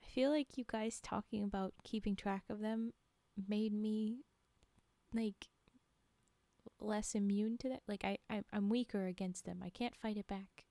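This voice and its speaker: A young woman streamer reading spooky stories aloud and chatting with viewers in giggly, animated asides. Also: mid-range voice, unhurried, no echo.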